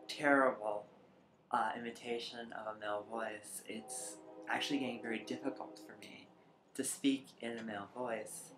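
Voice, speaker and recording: A trans woman talking reflectively in a personal vlog, rambling at times and sometimes dropping to a near whisper. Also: rumbling low. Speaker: vlogger. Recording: echoey room with faint background noise.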